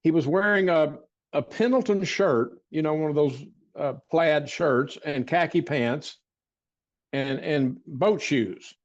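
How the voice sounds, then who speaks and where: An older man tells a long personal story as an interview guest, full of restarts and throat clearing. His voice sits a little high for a man. The recording is dull and muffled. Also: slow pace. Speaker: interview guest, martial arts teacher.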